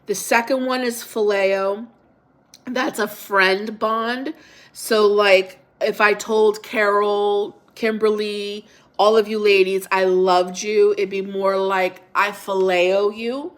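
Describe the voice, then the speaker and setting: A woman's voice: medium pitch, flat delivery, slow. A middle-aged woman hosting a casual livestream devotional chat, reading viewer comments and scripture aloud, repeating herself and unsure of pronunciations. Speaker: livestream host.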